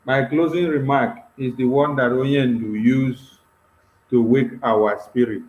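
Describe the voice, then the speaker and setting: A man's voice: medium pitch, steady tone, unhurried, muffled recording. A man, a minister guest, giving ceremonious closing remarks. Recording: roomy echo.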